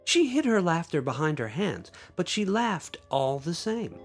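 Male podcaster reading his own fiction, expressive, slightly high voice, faint music under him. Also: measured pace. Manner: expressive storytelling, playful asides. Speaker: podcast host and author. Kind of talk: reading his own short story aloud.

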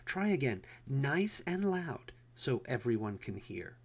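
A man's voice: medium pitch, big pitch swings, slow, breathy edge, pitched above the performer's own voice, exaggerated voice. A man voicing a commanding female police officer who taunts and gives orders. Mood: taunting. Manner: taunting, domineering.

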